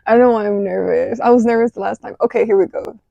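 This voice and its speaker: A young woman chatting casually while crafting, talking excitably with lots of filler words into a phone camera at home. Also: medium pitch, quick pace, vocal fry, dry recording, muffled recording. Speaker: craft vlogger.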